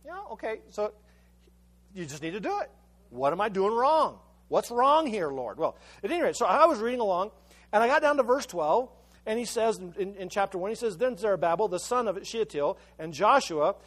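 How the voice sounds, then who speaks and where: In a high, sing-song voice, a pastor delivers a casual, conversational sermon to his congregation with an easy storyteller's flow. He tells his story in halting bursts, restarting and repeating words as he goes.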